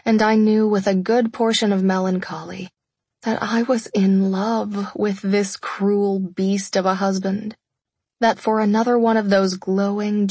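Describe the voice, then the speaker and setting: A woman's voice: mid-range voice, a little mellow, breathy edge, no room sound. A woman narrating a romance audiobook in the first person, intimate and confessional.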